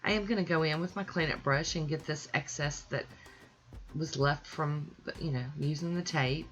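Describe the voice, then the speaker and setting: A woman's voice: low-pitched, fairly bright tone. A woman hosting her own nail polish channel, talking through a manicure in a chatty, easygoing voice-over. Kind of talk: casual voice-over tutorial.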